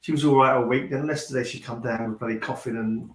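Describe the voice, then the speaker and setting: A man's voice: medium pitch, steady tone, quick pace. Man on an echoey call. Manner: blunt, banter-heavy, slangy. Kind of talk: casual chat.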